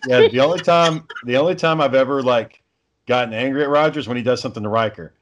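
A man's voice: mid-range voice, fast. A father in casual chat, rambling through stories about his kids and swearing freely.

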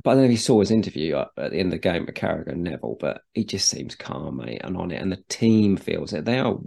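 A man's voice: deep voice, sing-song, fast talker, gravelly, warm tone, breathy edge. A man in casual podcast chat about football, talking loosely and repeating words as he restarts. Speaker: podcast co-host.

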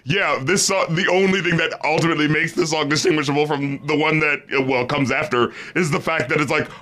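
Bright-voiced animated man reviewing albums. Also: a little high, brisk. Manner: animated, laughing, swearing, acts out quotes. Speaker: podcast co-host. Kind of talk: casual album review chat.

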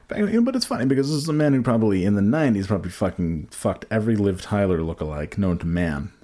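A man's voice: fairly low pitch, expressive, quick pace, mellow. A man co-hosting a podcast in casual banter, rambling and profane, often trailing off and restarting sentences. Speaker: podcast co-host.

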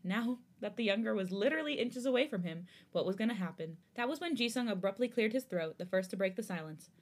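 A woman's voice: medium pitch, animated, quick pace. Woman reading a story aloud. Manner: earnest storytelling narration. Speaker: podcast host. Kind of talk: reading fan fiction aloud.

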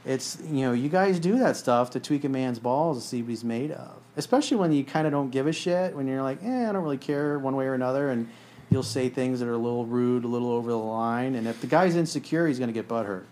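A man's voice: mid-range voice, quick pace, a little mellow. A man hosting a podcast, telling stories in a blunt, profane, casual way. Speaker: podcast host.

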